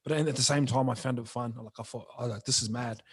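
A young man with a fast, husky, fairly bright mid-range voice and fairly even intonation guests on a podcast about his clothing brand. He's blunt and unpolished, speaking in slang and saying "bro" and "like" constantly.

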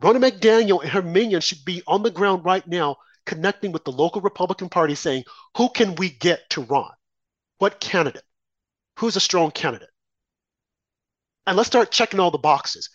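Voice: mid-range voice, animated, moderate pace, no room sound. A political commentator guest talking heatedly, firing off rhetorical questions and mocking impressions of opponents. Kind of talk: heated opinion talk. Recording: dry, slightly dull lo-fi sound.

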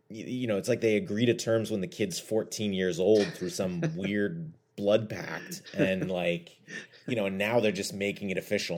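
A man with a very deep voice co-hosting a sports podcast. He rambles along playfully, full of fillers and asides. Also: a little mellow. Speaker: podcast co-host. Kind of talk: casual podcast chat.

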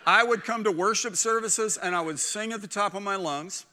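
Man, middle-aged, pastor, sermon, animated, high voice. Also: moderate pace. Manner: animated preaching, acting out quoted voices.

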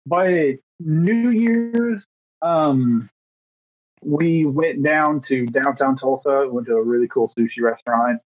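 A man's voice: medium pitch, slow pace. A man of thirty co-hosting a podcast, telling rambling, self-deprecating stories with fillers in casual chat. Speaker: podcast co-host. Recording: dry, slightly dull podcast mic.

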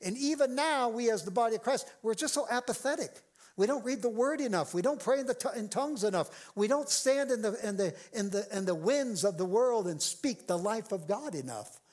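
A man pastor preaching a lively sermon to a church congregation, acting out quoted voices and joking with the crowd. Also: high-pitched, a little fast.

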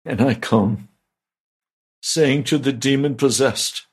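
A man's voice: mid-range voice, slow, husky. A man hosting a radio broadcast, praying and preaching fervently and pleadingly. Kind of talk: radio sermon and prayer.

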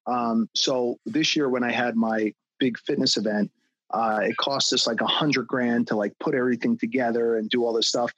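A man's voice: medium pitch, a bit bright, breathy edge, dry recording, dull audio. A man talking as a podcast guest, a fitness trainer who rants bluntly and swears a lot in casual chat. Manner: blunt and profane, ranting.

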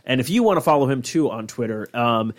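A man's voice: mid-range voice, expressive, fairly quick. A man co-hosting a casual podcast chat, rambling, laughing and swearing freely. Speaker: podcast co-host.

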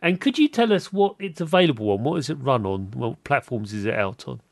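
A man's voice: mid-range voice, animated, a little fast, creaky, no room sound, studio quality. A man hosting a podcast interview, chatting casually and animatedly, often laughing and acting out quoted voices. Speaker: podcast host.

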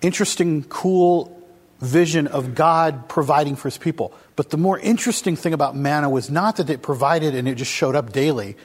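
A man's voice: on the high side, normal speed, breathy edge. A man preaching a casual, conversational sermon to a congregation, asking them questions as he goes. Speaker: pastor. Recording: long hall reverb.

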